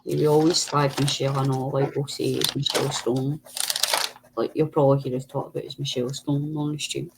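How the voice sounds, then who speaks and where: A woman's voice: a bass voice, level tone, a little fast, vocal fry, background noise. A woman hosting a craft livestream, chatty and teasing, laughing a lot. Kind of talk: casual chat on a craft stream.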